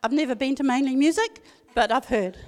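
Older New woman, slightly high voice, earnest emphatic church talk, long hall reverb. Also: brisk, darkish tone. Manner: earnest, emphatic, repeats key phrases. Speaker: speaker at a women's church meeting. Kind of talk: devotional talk with personal story.

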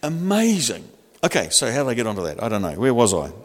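An older man preaching a sermon in a lively, humorous, conversational way. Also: medium pitch, fast, long reverb tail. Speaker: pastor.

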